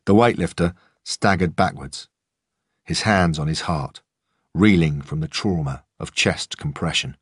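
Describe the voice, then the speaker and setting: Male audiobook narrator, very low and husky, measured delivery, dry booth. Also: no room sound. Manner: calm, measured storytelling. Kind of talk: first-person audiobook narration.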